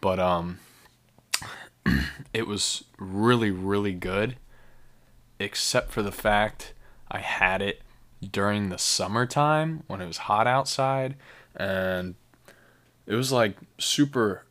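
A man's voice: on the low side, takes it slowly, long pauses, a bit bright. A man hosting a casual solo podcast, rambling enthusiastically with many fillers and restarts. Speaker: podcast host.

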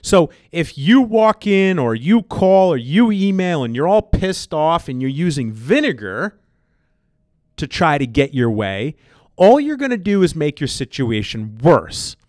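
A man's voice: on the high side, very animated, a little slow, a little mellow, no echo, studio quality. A man hosting a podcast, lecturing bluntly and emphatically with frequent swearing. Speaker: podcast host and gym owner. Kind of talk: casual advice monologue.

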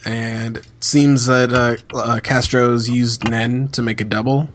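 A man with a mid-pitched voice co-hosts a casual podcast chat. He recaps in a laid-back way, pausing on fillers as he talks. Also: steady tone, a little hiss or hum. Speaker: podcast co-host.

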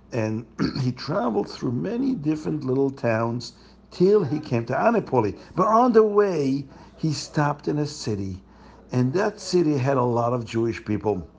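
A man telling a story to children in an animated way, asking his listeners questions. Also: mid-range voice, gravelly, husky, lo-fi sound.

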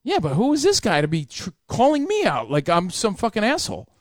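A man telling a story in casual chat, animated, heated and profane. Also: high voice, brisk, no echo, clean studio sound.

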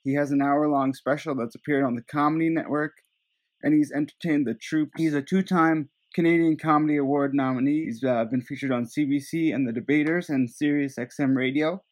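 A man's voice: fairly high pitch, fairly even intonation, brisk. A man hosting a podcast, introducing his guest with a few fillers. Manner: reads the guest bio with fillers. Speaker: podcast host.

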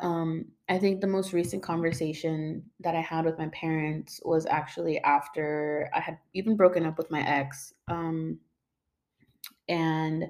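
A woman's voice: low voice, darkish tone. A young woman speaking mixed in, telling a personal story in a rambling, casual way many fillers and emotional moments.

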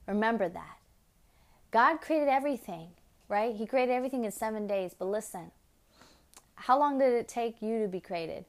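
Earnest woman with a gravelly voice. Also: fairly high pitch, animated, normal speed, pauses often. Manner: earnest, preachy, repeats phrases for emphasis. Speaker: podcast host. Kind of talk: devotional podcast talk.

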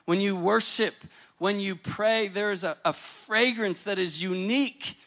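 A young American man delivers a sermon in an earnest, tender way. His voice sits fairly high, and he often doubles words as he builds to a point. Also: a little slow. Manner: earnest, tender, repeats words when excited. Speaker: guest pastor.

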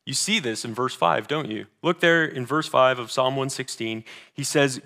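A man preaching a sermon as pastor, earnest, moving between emphatic declarations and hushed, slower readings of scripture. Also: medium pitch, vocal fry. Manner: reads scripture slowly and deliberately.

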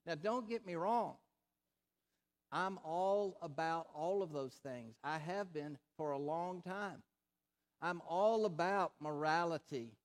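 Emphatic, fairly high-voiced male pastor preaching. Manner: emphatic preaching with rhetorical questions and slowed, stressed phrases. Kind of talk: sermon.

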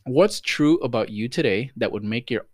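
A young man co-hosts a casual podcast with an animated, swinging pitch. He swears freely and slips into quick silly voices as he tells stories. His voice sounds close and dry, with no room around it. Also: no room sound. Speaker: podcast co-host. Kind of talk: casual chat.

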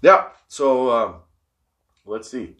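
Here the young podcast host speaks extremely slowly, his medium-pitched voice a bit bright. He drifts through a relaxed stoner monologue, swearing heavily and often breaking into laughter.

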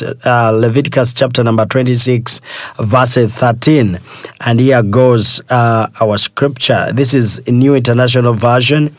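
A man's voice: mid-range voice, dry recording, clean studio sound. Earnest man preaching, repeating himself. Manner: earnest, repeats phrases, many fillers and restarts; addresses listener as "child of God". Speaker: pastor. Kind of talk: devotional sermon with scripture reading.

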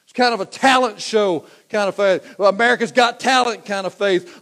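Man, pastor, high-pitched, sermon, conversational and emphatic. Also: normal speed, creaky, few pauses, fairly bright tone. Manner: conversational, building to emphatic repetition.

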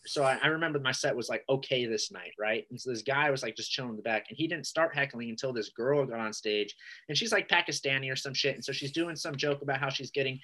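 Casual swearing comedian telling stories. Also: male voice, medium pitch, fast talker, bright, forceful tone, low-quality recording. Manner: loose, swearing storytelling with many fillers. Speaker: stand-up comedian. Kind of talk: casual chat.

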